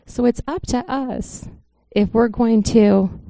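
A woman's voice: fairly high pitch, slow pace, gravelly, mellow, dry recording. A woman giving an informal sermon, talking in an earnest, conversational way and telling a story to the congregation. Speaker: church speaker.

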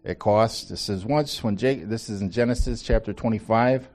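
A man's voice: lowish voice, moderate pace, darkish tone. A man leading an informal Bible study for a small group, talking conversationally, repeating phrases for emphasis and asking the group questions.

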